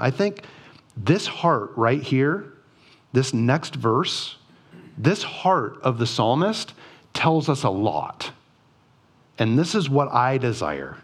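Slow, animated man teaching from Scripture. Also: medium pitch, slightly rough. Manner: earnest, reflective, asks rhetorical questions. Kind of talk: devotional Bible reading and teaching.

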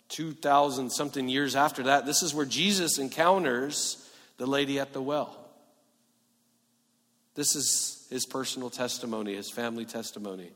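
A man preaching a sermon in a church hall, earnest, moving between emphatic and hushed delivery. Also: mid-range voice. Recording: echoey hall reverb.

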